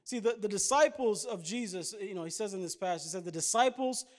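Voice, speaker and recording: A man's voice: high voice, fast. A man in his thirties preaching a sermon, chatting with the congregation in asides and then building to emphatic points. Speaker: pastor.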